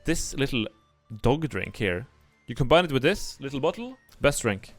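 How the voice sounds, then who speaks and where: A man's voice: mid-range voice, big pitch swings, normal speed, no room sound. A young man streaming casual commentary, blunt and jokey, swearing freely as he thinks aloud. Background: faint background music.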